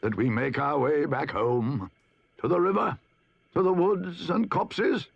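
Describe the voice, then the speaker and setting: A man narrating a storybook film in a gentle, nostalgic way. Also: fairly high pitch, measured pace, vocal fry, slightly rough, lo-fi sound, exaggerated voice.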